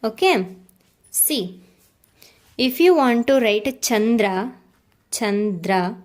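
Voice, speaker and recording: A woman's voice: on the high side, lively intonation, slow pace. A woman teaching a language lesson, repeating words and checking in with "okay" and "right.". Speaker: Kannada teacher. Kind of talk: slow explanatory lesson.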